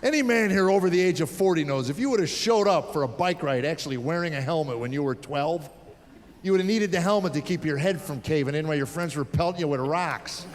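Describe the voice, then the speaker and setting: Fast and on the high side, a middle-aged comedian from the United States riffs sardonically on the frustrations of raising children during a live theater show. The stage recording has hall reverb and a little hiss or hum.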